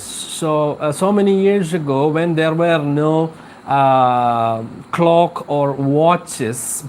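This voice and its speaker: A male English teacher lectures in a slow, deliberate, somewhat high voice, stopping often with fillers as he explains. A faint hum of background ambience sits under his speech. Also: darkish tone. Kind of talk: live class lecture on a poem.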